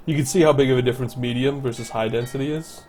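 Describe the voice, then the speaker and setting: A man's voice: mid-range voice, fairly even intonation, quick pace, a little mellow, faint music behind. A man casually commenting on his city-building game, thinking aloud and correcting himself as he goes. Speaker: let's play commentator.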